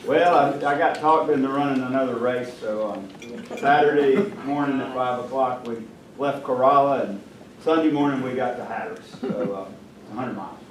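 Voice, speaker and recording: A man's voice: mid-range voice, moderate pace, a crowd in the background. Folksy man telling a story. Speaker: club member. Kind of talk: anecdote. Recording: echoey room, distant mic, noisy.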